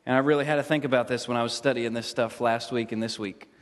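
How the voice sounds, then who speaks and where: Animated man teaching in an echoey church hall. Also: mid-range voice, fast. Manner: animated, jokey, asks the group questions. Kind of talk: interactive Bible lesson.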